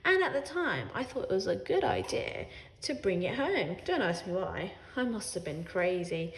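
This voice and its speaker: Woman storyteller, wry cat voice, lively pitch, roomy echo. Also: moderate pace. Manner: wry, sardonic, expressive, laughs along. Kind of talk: children's read-aloud as a sarcastic cat narrator.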